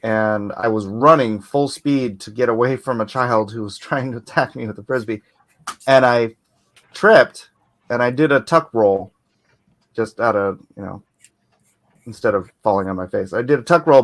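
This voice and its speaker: A man's voice: mid-range voice, moderate pace. A man hosting a casual livestream chat on a computer mic, rambling and laughing often. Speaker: livestream host. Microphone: computer mic on a video call.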